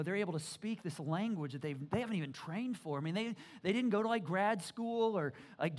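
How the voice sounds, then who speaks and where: A pastor preaching a sermon, animated and joking, often repeating words and restarting sentences, swinging between loud bursts and hushed, earnest stretches. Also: mid-range voice.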